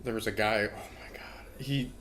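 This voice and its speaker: A man's voice: lowish voice, moderate pace, a little hiss or hum. A young man co-hosting a podcast, telling stories in casual chat and acting out the people he quotes. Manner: animated storytelling, acting out quoted voices. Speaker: podcast co-host.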